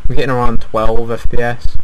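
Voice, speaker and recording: A man's voice: medium pitch, little pitch movement, fairly quick. A young man giving casual, self-deprecating commentary while playing a video game. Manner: chatty, self-deprecating, easily frustrated. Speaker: gaming YouTuber. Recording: noisy home mic recording.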